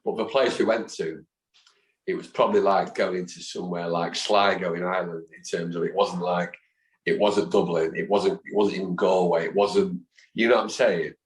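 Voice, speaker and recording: A man in his fifties with a low, deep voice tells stories in a lively way, acting out the voices of the people he quotes. He sounds like an interview guest chatting casually. The recording carries a noticeable echo from the room. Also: moderate pace. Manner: animated storyteller who acts out quoted voices. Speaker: guest, football fan. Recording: echoey room.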